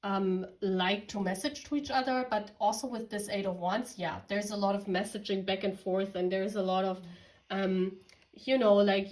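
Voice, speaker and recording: A woman's voice: mid-range voice, a little mellow, rough recording. A woman from Germany giving a casual tarot reading, chatty and giggly, talking straight to her viewers. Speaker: tarot reader.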